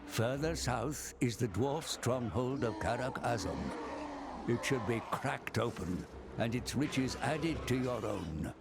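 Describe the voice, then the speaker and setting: A man's voice: mid-range voice, lively intonation, takes it slowly, creaky, noisy background. A man voicing a grave, commanding advisor in a strategy game's campaign intro. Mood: solemn. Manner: solemn, commanding. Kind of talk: scripted game voice-over.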